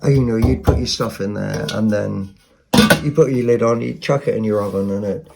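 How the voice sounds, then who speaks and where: A man's voice: on the low side, moderate pace, gravelly, heavy background noise. A man giving a rambling, casual show-and-tell of second-hand finds at home, with lots of ums and asides. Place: home, at a table.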